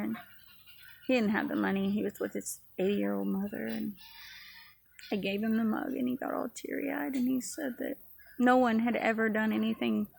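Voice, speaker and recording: A woman's voice: a little high, vocal fry, darkish tone, husky, no echo, rough recording. A woman giving a personal testimony sermon in an earnest, repetitive preaching cadence. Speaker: ministry speaker.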